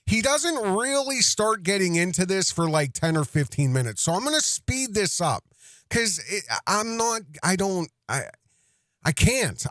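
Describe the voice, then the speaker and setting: A man's voice: fairly high pitch, fairly bright tone, no echo, studio quality. A man hosting a reaction show who comments casually in an exasperated, profane way, often breaking off mid-sentence. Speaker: host reacting to a stream.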